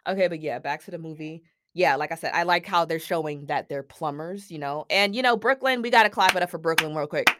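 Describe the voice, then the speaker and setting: A woman co-hosting a casual movie review podcast, animated and exclaiming, with slangy talk. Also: low voice, fast, hardly any pauses, no room sound, studio quality. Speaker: podcast co-host.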